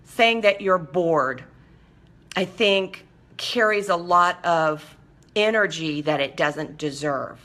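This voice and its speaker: A woman's voice: lowish voice, slow, fairly bright tone. A middle-aged woman hosting a live show, chatting casually with viewers and coaching them in a direct, firm way.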